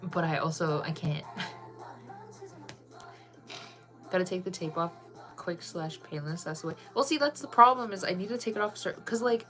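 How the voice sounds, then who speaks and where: A woman's voice: lowish voice, fairly quick, over music. A woman chatting casually with viewers on a live stream, bubbly and full of "like" fillers.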